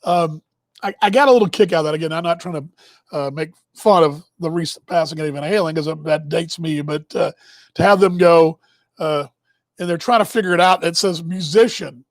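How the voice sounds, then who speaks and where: Rambling high-voiced man spinning stories. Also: fairly quick, dry recording. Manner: rambling, self-interrupting, chuckling asides. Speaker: broadcast host. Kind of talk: casual storytelling monologue.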